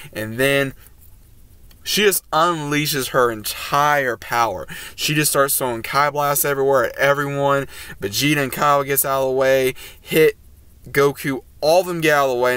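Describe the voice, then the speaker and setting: A man's voice: mid-range voice, a bit bright, clean tone, dry recording. A man giving a casual, rambling recap of an anime episode as a reviewer, with fillers and restarts.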